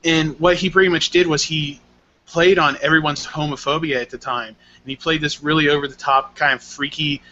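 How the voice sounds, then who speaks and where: A man's voice: fairly high pitch, fairly even intonation, moderate pace, sharp tone, a little hiss or hum. A man co-hosting a casual podcast chat, explaining things at length in a knowledgeable way. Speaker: podcast co-host. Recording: dull lo-fi podcast audio.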